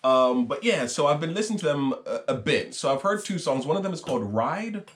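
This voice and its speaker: Lively rambling man chatting. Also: fairly high pitch, a little hiss or hum. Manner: rambling, joking, quick asides. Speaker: podcast co-host. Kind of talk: casual chat.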